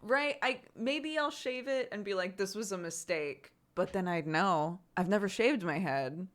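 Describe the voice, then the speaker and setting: A woman's voice: medium pitch, a little slow, fairly bright tone. An American woman streamer chatting casually while she plays, laughing often. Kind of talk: casual chat while gaming.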